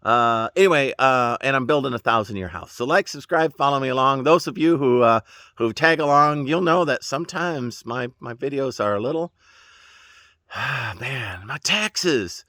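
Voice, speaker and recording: A man's voice: mid-range voice, lively intonation, normal speed, pushed and bright, no echo, clean studio sound. Folksy, breathless man outdoors. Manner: rambling, folksy, chuckling asides. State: short of breath, huffing. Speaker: vlogger fixing a trailer tire. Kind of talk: casual outdoor DIY vlog. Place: outdoors on rural land.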